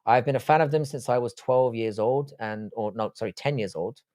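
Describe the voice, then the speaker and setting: A man's voice: mid-range voice, fairly quick, darkish tone, dry recording, clean studio sound. A man in his forties who grew up in England, hosting a live stream and reading viewer comments in crude, profane banter.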